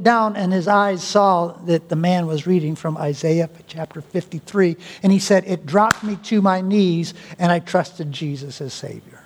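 A male pastor preaching a sermon, with deliberate pauses and an emphatic delivery. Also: high-pitched. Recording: long hall reverb.

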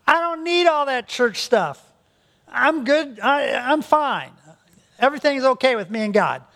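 A man's voice: very high voice, animated, unhurried, pushed and bright, long reverb tail, pitched above the performer's own voice, full character voice. A man putting on the voice of a smug, self-assured man who feels no need for church. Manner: breezy, dismissive.

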